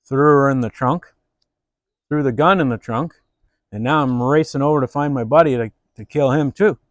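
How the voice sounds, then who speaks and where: A man's voice: mid-range voice, moderate pace, dry recording, natural voice. A man doing a sly driver playing innocent. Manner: feigned innocence, hesitant. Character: sly male driver caught speeding.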